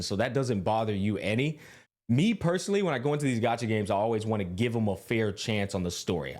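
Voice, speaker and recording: A man's voice: lowish voice, a little mellow. A young man co-hosting a podcast, talking casually with lots of energy and a bit of swearing. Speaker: podcast co-host. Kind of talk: casual chat.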